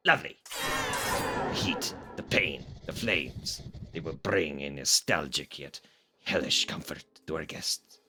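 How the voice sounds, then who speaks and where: A man's voice: on the low side, fast, hardly any pauses, over music, close to an everyday voice. A man voicing a grandiose male demon chef who speaks of himself in the third person, on a game stream. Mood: gloating.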